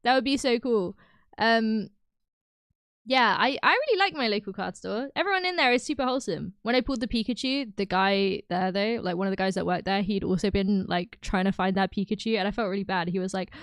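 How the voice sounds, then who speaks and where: A woman's voice: mid-range voice, a little fast, smooth, no echo, studio quality. A young woman streaming, chatting casually with her viewers, bubbly and giggly, often breaking into laughter. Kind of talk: casual chat with live chat.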